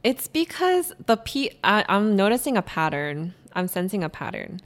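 Lively young woman ranting casually. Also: medium pitch, normal speed. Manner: ranting, animated, heavy use of "like". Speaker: podcast co-host. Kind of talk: casual chat.

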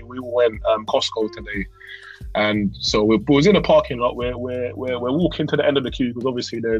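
A man's voice: mid-range voice, muffled recording. A man chatting casually, telling a story at length and dropping "bro" and "innit". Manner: relaxed, rambling storyteller, frequent "bro" and "innit". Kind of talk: casual chat.

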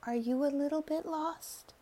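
A woman voicing a gentle, kind female dog who helps lost animals in a bedtime story. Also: high voice, moderate pace, voice pushed up, lightly acted. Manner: gentle and reassuring.

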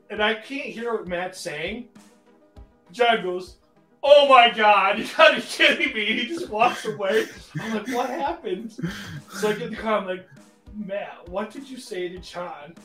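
A man's voice: high voice, a little slow, a bit bright, distant mic. A man telling a funny story in casual chat, often breaking into laughter. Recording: roomy echo with faint music.

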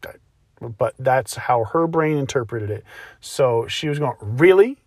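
A tired man, a new father, telling a casual personal story about a rough night in a plainspoken, self-reflective way. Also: mid-range voice, a little slow, no room sound. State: exhausted. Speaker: podcast host, new father of twins.

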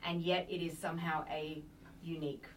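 A woman with a lowish voice talks about films in a casual podcast chat, giggling and hunting for words. She sounds set back from the mic, with faint background noise. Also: level tone, a little fast, far from the mic, low-quality recording. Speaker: podcast co-host. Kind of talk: casual film review chat.

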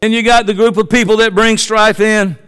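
A man, preaching a passionate sermon that swings from quiet asides to shouting. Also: sits high, steady tone, a little fast, clean tone. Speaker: pastor. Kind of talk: fiery sermon. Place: church sanctuary. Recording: long reverb of a church hall.

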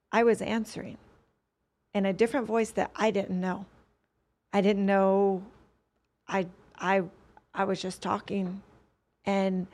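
A woman guest on a podcast, telling a personal story earnestly, rambling and restarting her sentences often. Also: medium pitch.

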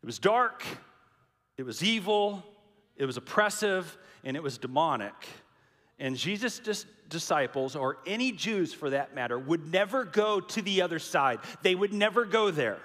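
A pastor delivers a dramatic, emphatic sermon, his voice rising and falling a lot. He speaks somewhat high for a man. A long reverb from a large church hall trails his words. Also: big pitch swings, moderate pace, fairly bright tone.

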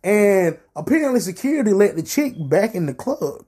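A young man telling a profane, animated story on his podcast. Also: sits high, moderate pace, husky. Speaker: podcast host. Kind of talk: casual storytelling.

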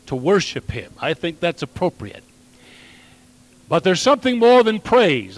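A man preaching a sermon to his church, slow and measured, swelling loud and dropping to near quiet for emphasis. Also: sits high. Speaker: pastor.

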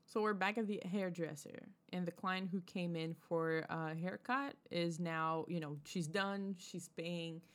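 Woman, lowish voice, easygoing and wry, casual TV recap. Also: steady tone, unhurried, hardly any pauses. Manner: laid-back, profane, wry.

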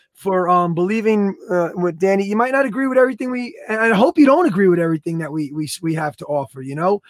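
Man, fitness podcast co-host, high voice, laid-back, jokey, slangy, video call. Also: no echo, studio quality. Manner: laid-back, joking, slangy sign-offs. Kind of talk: casual podcast chat.

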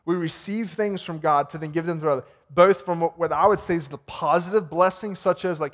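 A man's voice: on the high side, fairly quick, few pauses. A man preaching a sermon in a church in a conversational way, retelling stories and ending in prayer. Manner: conversational preaching with retold dialogue, repeats words. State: sweating. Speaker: pastor. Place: warm church sanctuary.

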